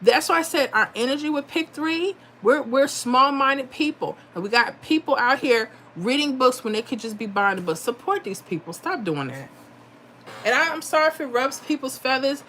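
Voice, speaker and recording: A woman's voice: high voice, animated, moderate pace, pushed and bright, slight background noise. A middle-aged woman hosts a live stream in a casual, chatty way, reading viewer comments aloud. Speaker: livestream host giving lottery picks. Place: home.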